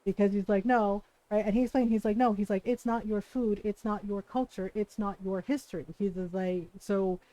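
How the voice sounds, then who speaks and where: A woman's voice: medium pitch, normal speed, few pauses, poor audio. A woman streamer chatting casually while playing a game, telling stories animatedly, cursing freely and quoting people. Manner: animated storytelling, swears freely, quotes people in voices. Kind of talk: casual chat while gaming.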